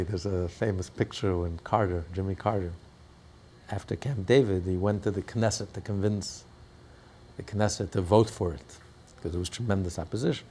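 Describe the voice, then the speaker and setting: Gravelly, husky male Torah teacher. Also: on the low side. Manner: animated storyteller, bursts into loud cries when acting out quotes. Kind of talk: expressive class teaching with stories.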